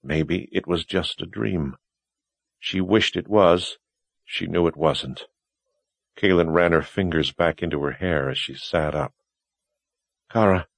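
Male narrator, very deep voice, dry close sound, measured scripted narration. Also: creaky, no echo. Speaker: audiobook narrator.

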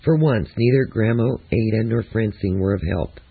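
A man narrating a first-person memoir in a steady, reflective reading. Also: on the low side, normal speed, slightly rough, no echo. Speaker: audiobook narrator. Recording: tinny, lo-fi phone-like audio.

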